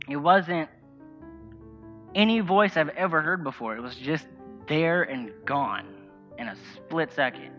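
A man with a slightly higher voice preaches a sermon, moving between scripture and a story from his own life. He keeps asking the congregation questions. The sound is dull and lo-fi, with faint music underneath. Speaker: pastor.

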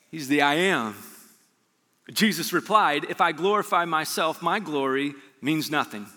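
A man preaching a sermon as pastor, animated, swinging between loud peaks and hushed low lines. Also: measured pace, in a large hall. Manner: animated preaching, voice rising and dropping sharply.

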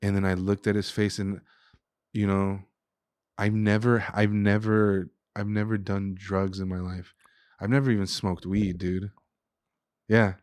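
A man's voice: lowish voice, level tone, a little slow, darkish tone, no echo, clean studio sound. A man in his thirties, a chef and podcast guest, telling a heartfelt personal story in casual talk full of "dude" and "like". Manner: emotional, heartfelt, says "dude" and "like" a lot.

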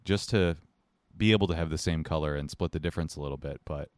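A man co-hosting a podcast in casual chat, rambling along with deadpan, crude jokes. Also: very deep voice, fast talker, clear, resonant tone, dry recording, studio quality. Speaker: podcast co-host.

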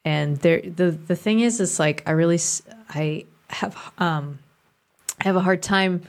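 Young woman radio dj, low voice, chatty with lots of likes and ums. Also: unhurried. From Boston area. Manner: chatty, many fillers, projects her voice. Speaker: radio DJ guest. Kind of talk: casual conversation.

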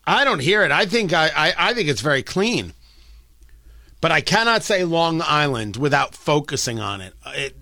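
A man's voice: fairly high pitch, moderate pace, gravelly, faint music behind. A man with an East Coast American accent hosting a talk radio show, delivering an opinionated, sarcastic, joking monologue from a studio mic. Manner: sarcastic, animated, jokey. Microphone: close studio mic.

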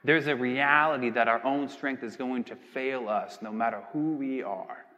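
A man's voice: medium pitch, normal speed, sharp tone, muffled recording, a little hiss or hum. A young man giving a sermon in a casual, conversational way, often checking in with "right?" and acting out little scenes with voices. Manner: conversational, tag questions, acts out little scenes. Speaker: pastor. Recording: reverberant hall.

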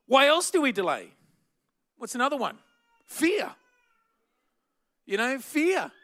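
A middle-aged Australian man preaching a sermon, energetic and joking, shouting for emphasis. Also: very high-pitched, slow.

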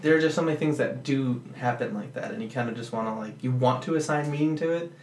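A man's voice: mid-range voice, quick pace, a little mellow. A chatty, playful man hosting a casual podcast interview and laughing easily. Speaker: podcast host. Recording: echoey room with faint hiss.

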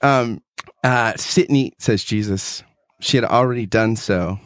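A man in casual theological discussion who reads a passage aloud in an animated, heartfelt way. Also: on the low side, measured pace, dry recording, studio quality.

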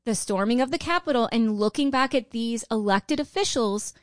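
A woman's voice: fairly high pitch, normal speed, no room sound, clean studio sound. Exasperated woman co-hosting a podcast. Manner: indignant, exasperated, many restarts. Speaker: podcast co-host. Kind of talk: casual conversational podcast.

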